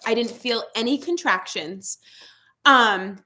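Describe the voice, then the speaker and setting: A woman's voice: a little high, a little slow, sharp tone, slight background noise. A young woman vlogger casually chatting to her viewers and telling a story, acting out what people said. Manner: chatty storytelling, acts out quotes. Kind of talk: casual livestream chat.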